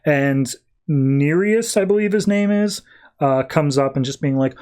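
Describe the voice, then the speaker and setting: A man's voice: fairly high pitch, unhurried, darkish tone, clear, resonant tone. A man hosting a podcast, casually recapping a comic book in a rambling, filler-heavy way. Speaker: podcast host.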